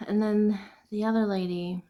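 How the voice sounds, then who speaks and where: A woman hosting a casual knitting vlog, chatting and venting in an animated, chatty way. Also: mid-range voice, highs cut off. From Midwest United States. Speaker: knitting podcast host. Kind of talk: casual chat.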